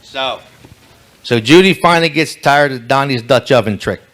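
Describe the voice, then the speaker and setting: A man's voice: medium pitch, normal speed, fairly bright tone. A man telling bawdy roast jokes at a live banquet event, rambling through setups and losing his place now and then. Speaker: roaster, emcee. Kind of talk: comedy roast joke-telling.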